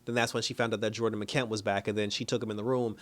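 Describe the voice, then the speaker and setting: Animated young man recapping a show. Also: on the low side, fast. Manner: animated, retells scenes by quoting characters, laughs often. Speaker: TV show reviewer. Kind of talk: casual spoken recap and review.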